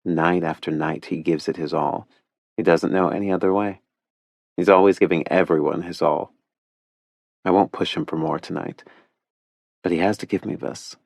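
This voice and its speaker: Deep, slow, gravelly male narrator. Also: darkish tone, no room sound, studio quality. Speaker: audiobook narrator. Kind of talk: first-person romance audiobook narration.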